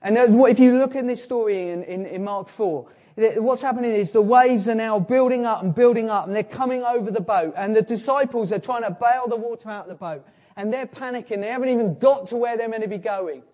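A man preaching a sermon, telling a Bible story with animated swings between loud emphasis and hushed, slow lines. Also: high-pitched.

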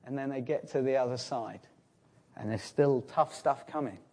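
A man preaching a sermon, telling a Bible story with animated swings between loud emphasis and hushed, slow lines. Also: mid-range voice.

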